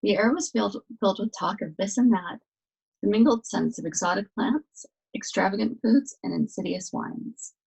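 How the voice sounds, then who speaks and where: A woman reading a novel aloud as a storyteller, with steady, expressive narration. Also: mid-range voice, moderate pace, creaky, husky, rough recording.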